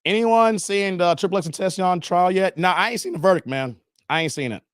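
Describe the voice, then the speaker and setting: A man's voice: sits high, fairly quick, clear, resonant tone, dry recording. Man in his forties, from the Chicago area, casual livestream host, joking and emphatic, dry close sound. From Chicago area, United States. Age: 40s. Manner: joking, laughs often, slangy and emphatic.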